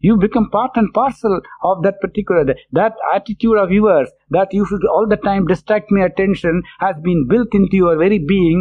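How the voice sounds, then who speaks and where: An earnest man lectures on devotional verses, his fairly high voice running at a quick clip. He repeats himself for emphasis and slips into fast chanting for the quotations. The sound is thin and tinny, like a phone line. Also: fairly even intonation. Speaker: religious lecturer. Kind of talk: devotional discourse explaining Tamil verses.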